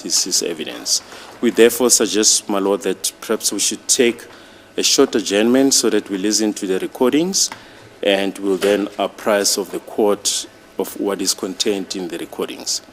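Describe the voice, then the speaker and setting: A man addressing a judge in a courtroom, reading out exhibits in a formal, deliberate way. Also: lowish voice, a little hiss or hum. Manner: slow, deliberate, reads exhibit lists. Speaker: prosecutor.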